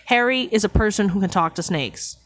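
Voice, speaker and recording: A woman's voice: mid-range voice, fairly quick, a bit bright, no echo. A woman streaming a book club, reading a novel aloud to her chat. She keeps breaking off into sarcastic, rambling asides and talks straight to her viewers between passages.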